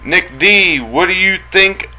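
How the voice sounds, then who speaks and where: A man's voice: sits high, slow, pushed and bright, low-quality recording. A man co-hosting a casual wrestling talk show, arguing sarcastically, swearing, and reading out listener questions. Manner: reads listener questions aloud. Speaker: co-host. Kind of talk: casual podcast banter.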